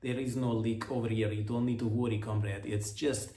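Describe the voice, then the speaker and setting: A man's voice: mid-range voice, normal speed, warm tone, reverberant, close to an everyday voice. A man putting on a mock-Russian accent to voice a nonchalant male cosmonaut who shrugs off a problem, breezy and evasive, in a comedy bit.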